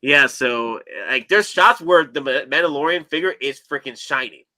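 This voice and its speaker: Male co-host, high-ish bright voice, excitable casual chat. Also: normal speed. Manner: excitable, animated, laughs and shouts often. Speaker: podcast host.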